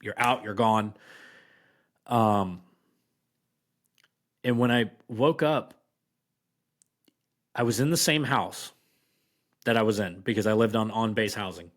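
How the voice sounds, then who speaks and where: A man guest on a podcast, telling a personal story in a casual, rambling way, with restarts and slow emphatic stresses. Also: fairly low pitch.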